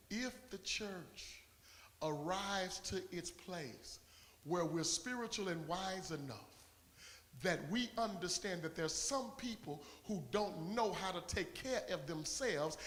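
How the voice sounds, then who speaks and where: A pastor preaching a sermon to his congregation, building to shouted peaks and calling for responses. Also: high-pitched. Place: church sanctuary. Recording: long reverb of a church hall.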